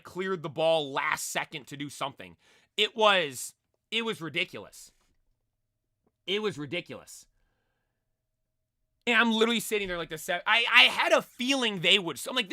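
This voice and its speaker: Young male streamer, high-pitched and dry, with a slightly strained voice; an animated, rambling storyteller. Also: no room sound. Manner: animated, rambling, many fillers and restarts. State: voice nearly lost from screaming. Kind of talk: excited storytelling.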